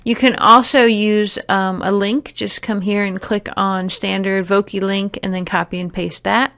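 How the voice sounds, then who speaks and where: A woman narrating a software tutorial, explaining each step plainly with occasional fillers. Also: mid-range voice, steady tone, measured pace. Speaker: teacher giving a software tutorial. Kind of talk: screen-recorded tutorial narration.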